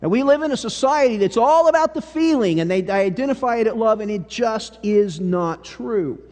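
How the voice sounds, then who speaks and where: Folksy pastor preaching in a hall. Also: male voice, sits high, expressive, normal speed. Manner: folksy storytelling, drops to a hush for serious parts. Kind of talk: sermon. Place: church sanctuary. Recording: church hall reverb.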